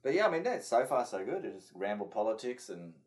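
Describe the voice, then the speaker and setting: A man's voice: medium pitch, very animated, quick pace. A man co-hosting a podcast in rambling, profane casual chat, padded with fillers. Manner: rambling and profane, full of "you know" fillers. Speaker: podcast co-host.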